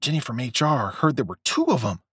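A man's voice: mid-range voice, huge pitch swings, a little fast, fairly bright tone, husky, no room sound, clean studio sound, heavily acted. A man voicing a laid-back young male warehouse worker who talks in a casual, slangy way.

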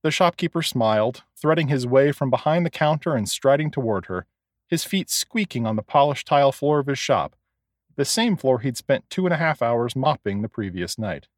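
A man narrating a story as an audiobook, expressive storytelling. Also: mid-range voice, moderate pace, no room sound, clean studio sound.

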